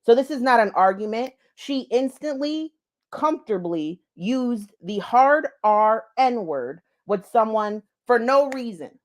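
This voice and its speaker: A woman's voice: fairly high pitch, lively intonation, takes it slowly. A woman vlogger giving blunt, profane commentary and talking straight to her viewers. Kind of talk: casual drama commentary.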